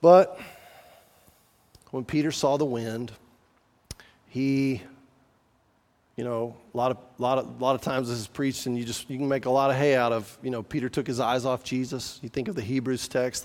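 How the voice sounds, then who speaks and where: Male pastor, middle pitch, chatty but earnest sermon delivery, long hall reverb. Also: normal speed, a little mellow. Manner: conversational, earnest, asks the listeners questions.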